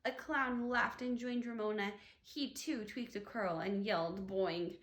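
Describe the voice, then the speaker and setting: A woman teacher reads a children's chapter book aloud, telling it with lively expression. Her voice sits fairly high, and the room adds a noticeable echo. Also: unhurried. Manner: expressive storytelling. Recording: echoey room.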